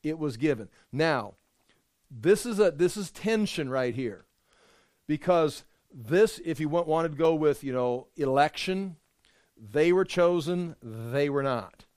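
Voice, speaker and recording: A man's voice: on the high side, lively intonation, slow, a little mellow, no echo, clean studio sound. A man teaching a verse-by-verse bible study, explaining as he goes and often repeating words while he thinks aloud.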